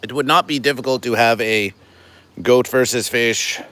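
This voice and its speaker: Man, livestream host, deadpan, oddly formal, crisp bright tone, mid pitch. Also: normal speed. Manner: deadpan, stilted formal phrasing, refers to himself in third person. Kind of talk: comedic livestream monologue to chat.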